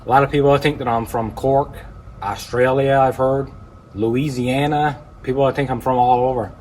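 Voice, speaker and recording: A plain-spoken man with a Newfoundland accent, chatting easily about his car projects in a vlog. His dry humour comes through in a voice of ordinary pitch, with faint ambient and vehicle noise behind him. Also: fairly even intonation, normal speed, a little mellow, rough recording. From Newfoundland, Canada. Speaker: car-flipping YouTuber. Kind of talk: casual vlog talk.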